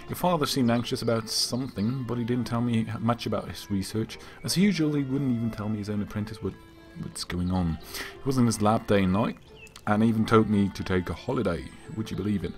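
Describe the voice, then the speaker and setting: A slightly hoarse man voicing a frightened young male village apprentice, breathless and pleading. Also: medium pitch, brisk, few pauses, soft background music, close to an everyday voice. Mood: anxious.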